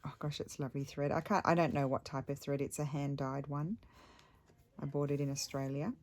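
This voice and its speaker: A chatty woman talks her viewers through a stitching project in a low, unhurried voice. She rambles, restarts her sentences and fills pauses with ums. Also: steady tone, a little mellow. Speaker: craft vlogger. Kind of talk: casual chat while stitching.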